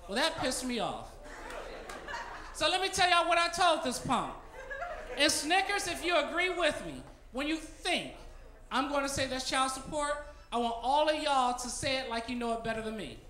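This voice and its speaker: A man's voice: extremely high pitch, animated, normal speed, pauses often, background noise. Brash stand-up man in a roomy club. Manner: brash, teasing the audience. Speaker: stand-up comedian. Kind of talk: stand-up comedy set. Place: comedy club stage. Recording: roomy club with loud crowd.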